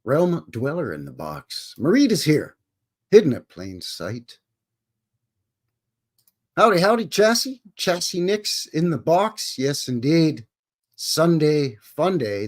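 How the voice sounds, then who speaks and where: Middle-aged western canadian guy chatting on a live stream, folksy, says eh a lot, bouncy pitch. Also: very animated, takes it slowly, darkish tone. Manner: folksy, greets viewers by name, frequent "eh". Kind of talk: casual live stream chat.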